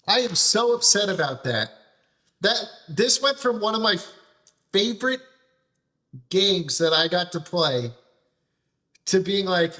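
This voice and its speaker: A man's voice: high voice, lively intonation, measured pace, long pauses, sharp tone. A man streaming a game, ranting in frustration and swearing heavily, often restarting his phrases as he vents. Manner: repeats and restarts phrases while venting. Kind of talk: live gameplay commentary.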